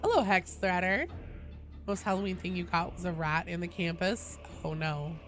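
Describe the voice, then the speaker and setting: A woman game streamer with a badly damaged, hoarse voice, coughing now and then as she chats casually with her live chat, rambling and swearing freely. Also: on the low side, moderate pace, a bit bright. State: coughing between sentences. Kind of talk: casual livestream chat, answering chat.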